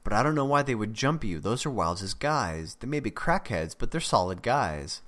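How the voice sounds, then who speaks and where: Brief: narrator reading as a tense, foul-mouthed young man, low voice. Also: sing-song, moderate pace, a bit bright. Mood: defensive. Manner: blunt, swearing, agitated.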